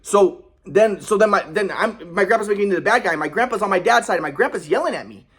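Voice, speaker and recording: A man's voice: high-pitched, animated, fast talker, fairly bright tone, breathy edge. A young man telling a personal story in a rambling, aggrieved way, with many restarts and repetitions. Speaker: vlogger.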